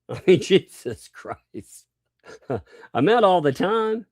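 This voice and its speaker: A man's voice: high voice, very animated, slow pace, a little mellow, no echo, studio quality. A man hosting a livestream, ranting in a combative, mocking way and swearing freely. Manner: combative, mocking, swears, laughs between lines. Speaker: livestream host.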